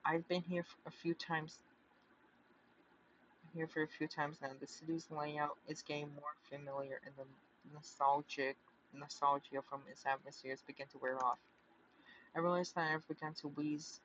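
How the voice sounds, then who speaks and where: A man's voice: a little high, little pitch movement, normal speed, fairly bright tone, muffled recording, slight background noise. A man reading a visual novel aloud, often stumbling and restarting, with chatty asides.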